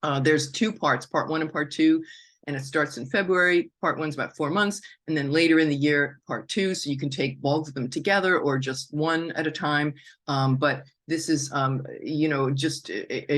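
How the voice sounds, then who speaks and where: A woman's voice: sits low, normal speed. A woman hosting a podcast, introducing her guest in an effusive, chatty and spiritual way. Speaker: podcast host.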